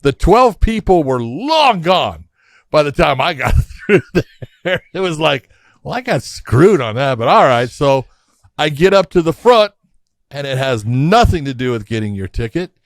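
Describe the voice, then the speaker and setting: A middle-aged man co-hosting a combat sports podcast tells a long travel story in casual chat, speaking a bit slowly at a fairly high pitch. He laughs often and acts out the quoted exchanges in animated anecdotes, with no echo in the audio.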